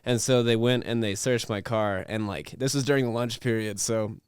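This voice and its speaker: A young man tells a story on a podcast in a casual, rambling way, full of restarts, fillers and quick laughs. His voice is smooth and clear, recorded close and dry with no room sound. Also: mid-range voice, fairly even intonation, no room sound. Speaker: podcast host.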